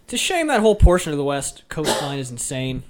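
A man's voice: a little high, very animated, a little fast. A young man from Iowa chatting casually, blunt and opinionated, swearing freely. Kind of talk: casual chat.

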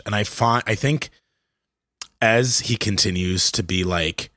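Man, tabletop player, halting and full of fillers, deep bright voice, dry sound. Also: no room sound. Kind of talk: playing a tabletop game.

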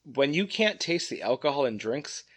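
Man, tipsy, slightly slurred, halting, casual podcast chat. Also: medium pitch, big pitch swings, husky. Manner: halting, searches for words. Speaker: podcast co-host.

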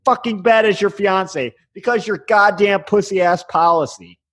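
A man's voice: sits high, normal speed, fairly bright tone, husky. A man co-hosting a podcast, ranting in casual chat with a lot of profanity and indignation. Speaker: podcast co-host.

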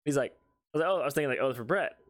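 Lively, laughing man on a podcast. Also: rapid-fire. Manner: animated storytelling, laughs a lot, jumps up in pitch when quoting. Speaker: podcast co-host. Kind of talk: casual chat.

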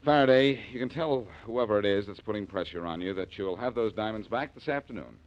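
An actor playing a cocky, wisecracking detective in a 1940s radio drama, trading quick sarcastic quips. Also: male voice, fairly low pitch, natural voice. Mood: wry. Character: wisecracking reformed-thief detective, cool and cocky. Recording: dull old radio broadcast.

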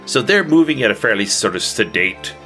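A man narrating as game master of a tabletop game, relaxed and often chuckling. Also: lowish voice, fairly quick, soft background music.

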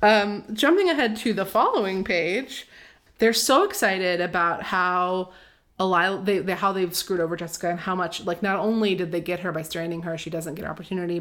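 A woman's voice: on the low side, a little fast, a bit bright, soft background music. A woman hosting a podcast, chatting casually about a book, reading passages aloud and laughing often. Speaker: podcast host. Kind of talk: casual book recap chat.

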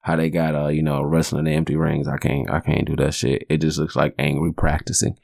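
Deep gravelly man telling stories. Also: little pitch movement, fairly quick, darkish tone, dry recording, clean studio sound. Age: 40s. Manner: rambling, profane, laid-back. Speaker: podcast host. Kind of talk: casual storytelling monologue.

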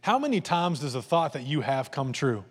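A man preaching a sermon in a conversational, animated way, acting out voices and asides. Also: medium pitch, normal speed. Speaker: pastor. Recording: long hall reverb.

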